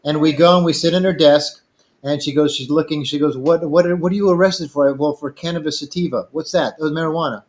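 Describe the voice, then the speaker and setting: A man's voice: fairly high pitch, fairly quick, highs cut off. An older man casually telling a long, rambling personal story, acting out the other people in it. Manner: rambling anecdotal, quotes others in dialogue. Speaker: storyteller guest.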